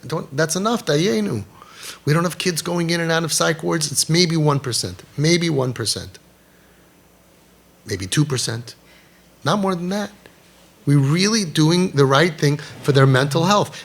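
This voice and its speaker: A man giving a passionate talk as a parenting crisis coach, animated and emphatic, mixing in Yiddish and Hebrew terms. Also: fairly high pitch.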